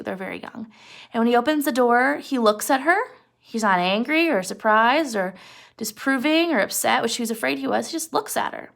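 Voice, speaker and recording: A woman's voice: fairly high pitch, vocal fry, a bit bright. A young woman casually retelling a story as a lesson, chatty with frequent fillers and rhetorical questions. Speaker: teacher explaining a story.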